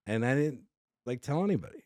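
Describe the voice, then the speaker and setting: A man's voice: mid-range voice, fast, no echo, studio quality. A man, a guest comedian telling stories in casual podcast chat, acting out quotes and swearing freely. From Staten Island, New York. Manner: animated storyteller who acts out quotes and swears freely.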